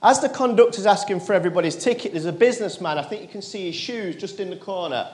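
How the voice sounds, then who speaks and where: A motivational speaker addresses a crowd. His voice sits fairly high for a man, and he talks earnestly, sinking low and quiet when he quotes other people. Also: lively intonation, fast talker. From England. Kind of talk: storytelling speech to an audience.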